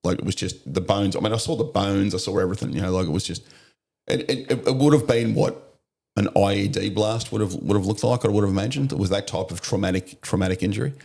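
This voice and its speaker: Gravelly deep-voiced Australian man. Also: fast, darkish tone. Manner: blunt, vivid retelling with swearing. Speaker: podcast guest, former police officer. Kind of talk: storytelling in an interview.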